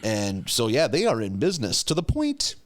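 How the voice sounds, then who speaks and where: A man's voice: mid-range voice, wildly swooping pitch, normal speed. A man in his thirties co-hosting a casual chat podcast, rambling through episode recaps with frequent laughter. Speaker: podcast co-host.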